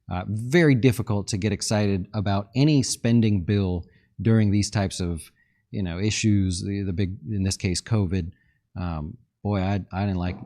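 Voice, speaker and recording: In a lowish voice with a darkish tone, a fund manager hosts a live market stream. He keeps things casual and jokey, fielding viewer questions and reasoning aloud over the charts.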